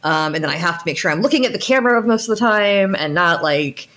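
A woman's voice: lowish voice, expressive, fast talker, a bit bright. An American woman co-hosting a podcast, chatting casually with frequent restarts and laughs. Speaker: podcast co-host, game designer. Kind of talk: casual chat.

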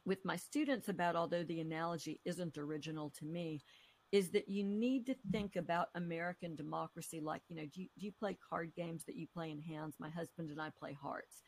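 Low, gravelly-voiced woman guest. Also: a little fast, darkish tone, slight background noise. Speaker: former U.S. attorney, guest. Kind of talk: interview conversation.

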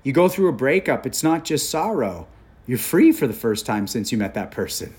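A man in his forties from Canada tells stories as an interview guest. His voice sits at a middle pitch, and he talks in an animated, candid way. The talk stays loose and conversational. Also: moderate pace. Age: 40s. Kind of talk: casual storytelling conversation.

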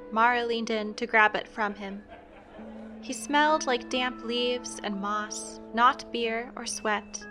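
A woman narrates a scripted story at a measured, even pace. Her voice is bright and clear. Faint instrumental music runs behind her reading. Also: on the high side.

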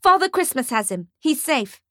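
A man's voice: very high voice, very animated, normal speed, a bit bright, no room sound, clean studio sound, pitched above the performer's own voice, heavily acted. A woman voicing a pushy male mall photographer with a salesman's patter in an audiobook.

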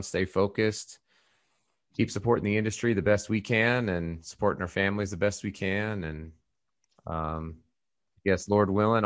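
A man hosting a podcast in casual chat, rambling with lots of fillers and restarts. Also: sits low. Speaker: podcast host.

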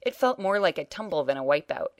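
Low-voiced woman reading a story. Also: sing-song, fast, dry recording. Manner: dry, wry storytelling. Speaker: reader. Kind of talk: first-person short story reading.

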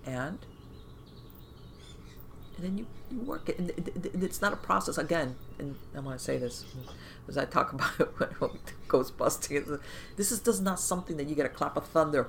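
A woman podcast host giving conversational advice, animated and talking in loose run-on phrases full of fillers, often acting out inner voices. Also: sits low, fairly quick, gravelly, a little hiss or hum. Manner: animated, acts out inner voices and quoted thoughts.

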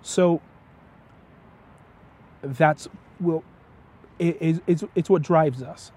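A man's voice: a little high, very slow, breathy edge. A man in casual conversation, a father telling stories animatedly and acting out the quotes. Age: adult father. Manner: animated storyteller, acts out quotes. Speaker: podcast guest. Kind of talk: casual chat.

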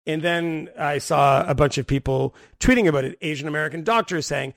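Male podcast co-host, gravelly and slightly high, rambling casual talk, dry close mic. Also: fairly quick, fairly bright tone, no echo. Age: adult with a daughter. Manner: rambling, self-interrupting, laughs often.

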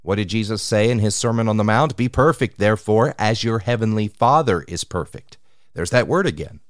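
A man preaching a sermon on scripture, measured and deliberate, slowing down to stress key words. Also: on the low side, lively intonation, no room sound, studio quality. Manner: measured, slows for emphasis on scripture.

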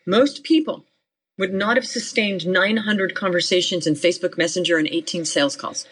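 A woman's voice: on the low side, moderate pace, fairly bright tone, slight background noise, low-quality recording. A middle-aged woman business coach, a podcast guest, talking in an emphatic, matter-of-fact way in short, punchy commands. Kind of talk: motivational interview talk.

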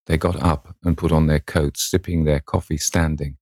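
Deep dude reading a classic book out loud, steady, dry recording. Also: male voice, normal speed, hardly any pauses, no room sound. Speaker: narrator. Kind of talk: audiobook reading.

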